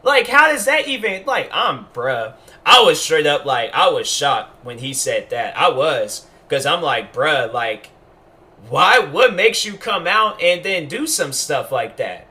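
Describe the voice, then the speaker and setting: A man talks through a casual commentary monologue with a fairly high, bright and forceful voice. He rambles, piles on fillers and restarts himself mid-thought, then drives his points home with emphasis. It sounds like an unscripted vlog rant. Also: very animated, takes it slowly. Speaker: YouTube commentator.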